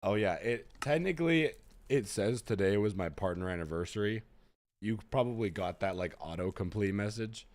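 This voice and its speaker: A man streaming a game live, sick, with an unusually deep and rough voice, chatting in slangy, exasperated asides to his viewers. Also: expressive, moderate pace, a little mellow. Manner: slangy, exasperated, talks straight to chat. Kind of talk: casual live-stream chat.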